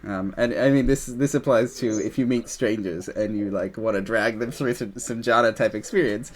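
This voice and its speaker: A man's voice: mid-range voice, normal speed, a little hiss or hum. A man leading a group meditation discussion over a video call, talking loosely with many fillers. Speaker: meditation teacher.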